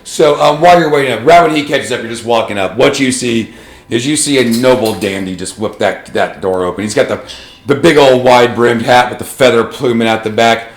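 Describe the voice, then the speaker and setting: A man's voice: mid-range voice, fairly quick, roomy sound. A man running a tabletop game, narrating in a casual, rambling way with lots of filler. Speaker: game master.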